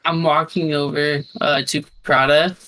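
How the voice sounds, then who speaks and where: A tabletop player with a mid-pitched voice describes their character's moves. The talk rambles and stops and starts, with frequent chuckles. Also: flat delivery, unhurried, sharp tone, low-quality recording. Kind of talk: casual tabletop play, narrating their actions.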